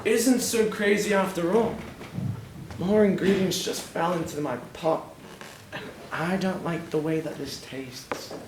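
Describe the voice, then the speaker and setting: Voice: medium pitch, unhurried, heavy background noise, natural voice. A student actor playing a tough-talking hard-boiled detective in a school stage play, recorded from far off in an echoey hall. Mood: wry. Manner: wry, tough-talking noir narration.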